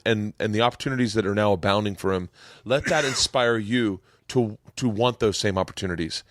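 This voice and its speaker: A man's voice: fairly low pitch, fairly quick, dry recording, studio quality. A man hosting a podcast, telling a story in a rambling way, repeating words and getting emotional. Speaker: podcast host. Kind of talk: casual chat. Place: home podcast studio.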